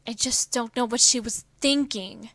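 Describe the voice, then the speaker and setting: A woman voicing an anxious, devoted teenage male mutant turtle, speaking quietly and pleadingly in a fan story reading. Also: on the high side, moderate pace, dry recording.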